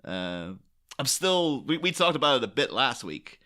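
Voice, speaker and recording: A young man hosting a casual movie podcast, animated and laughing often as he chats. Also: mid-range voice, normal speed. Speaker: podcast host.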